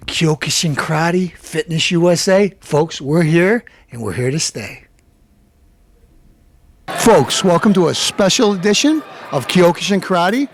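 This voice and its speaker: A man's voice: high voice, no room sound. A man hosting his show, hyping the event and interviewing people in a playful, hammy showman manner. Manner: animated, playful hype-man delivery. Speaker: show host.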